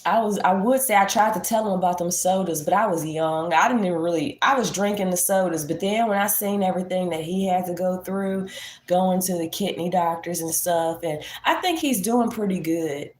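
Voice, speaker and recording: A woman's voice: on the low side, moderate pace. Chatty congested woman. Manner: chatty, folksy, addresses viewers as y'all. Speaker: vlogger. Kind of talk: casual chat to camera.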